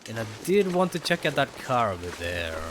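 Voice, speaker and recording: Gaming streamer, male, lively up-and-down delivery, explains mechanics as he plays, faint noise underneath. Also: medium pitch, a little fast. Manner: thinks aloud, explains mechanics to viewers. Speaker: gaming livestreamer. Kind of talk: casual gameplay commentary.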